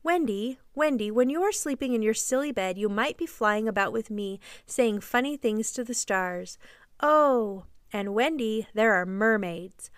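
Casting: a sly, coaxing boy who never grows up, as a woman reads him, clear, smooth voice, storybook. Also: a little high, lively intonation, measured pace, no room sound, clean studio sound.

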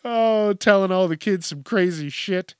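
Slow-talking, foul-mouthed ranting man. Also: high-pitched, a little mellow, clean tone, dry recording, clean studio sound. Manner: blunt, heavily profane, laughing often. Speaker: podcast host. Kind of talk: casual comedic rant.

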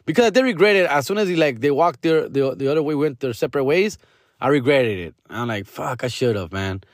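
A man, a comedian hosting his podcast, telling a story in an animated, slangy, profane way on a close mic. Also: fairly high pitch, fast, no echo. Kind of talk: casual storytelling.

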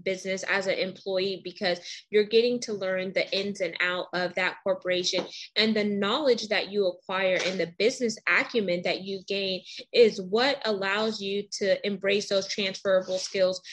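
A woman's voice: mid-range voice, steady tone, normal speed. A woman hosting a podcast, speaking in an encouraging, motivational way in a conversational interview. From United States. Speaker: podcast host.

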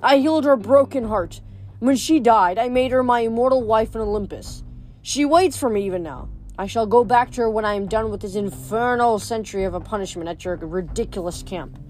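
A woman's voice: a little high, brisk, a little mellow, soft background music, natural voice. Drawling, contemptuous male god, cold and sneering, as a woman reader puts him on; storybook read-aloud.

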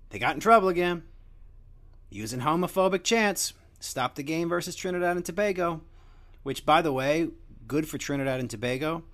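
A young man talks in a loose, rambling way and drifts between jokes and crude asides. His pitch swings lively from low mutters to sudden high bursts. It sounds like a casual show monologue. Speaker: podcast host.

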